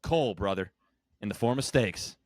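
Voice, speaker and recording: Animated, emphatic podcast co-host man. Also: fairly low pitch, moderate pace. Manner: animated, emphatic, swears casually. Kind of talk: casual chat.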